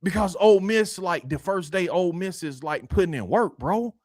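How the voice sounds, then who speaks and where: A man hosting a casual sports talk show, greeting viewers by name in a slangy, animated way. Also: high voice, moderate pace, dry recording, studio quality.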